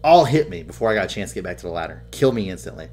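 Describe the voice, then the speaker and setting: A man co-hosting a podcast, telling game stories in casual chat with heavy swearing and loud acted-out quotes. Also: low-pitched, sing-song, very fast, faint music behind. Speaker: podcast co-host.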